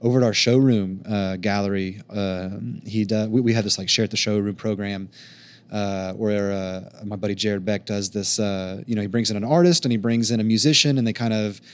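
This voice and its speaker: A man's voice: lowish voice, steady tone, normal speed. A man who is a guest on a podcast, chatting casually and rambling, with many repeated words. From Oklahoma. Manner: rambling, repeats words, lots of fillers like "you know" and "man". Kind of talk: casual chat.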